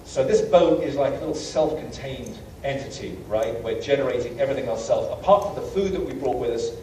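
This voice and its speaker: A man's voice: medium pitch, fairly quick, darkish tone. A British man giving a humorous travel lecture to a college audience, telling stories with a self-deprecating touch and lots of ums and uhs, recorded from far off in a lecture hall. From Britain. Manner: anecdotal, self-deprecating, many fillers. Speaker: guest lecturer. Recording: echoey hall from far off, faint hiss.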